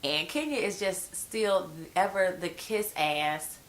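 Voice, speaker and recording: Brief: woman with a head cold, lowish voice, blunt gossipy reality-TV recap, slangy and casual. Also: lively intonation, takes it slowly. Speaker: TV show reviewer.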